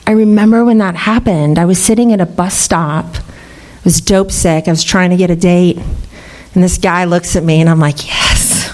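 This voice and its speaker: This woman shares her recovery story in a meeting room, speaking at a normal speed in a lowish, somewhat mellow voice. She's candid, laughs a lot and swears without holding back.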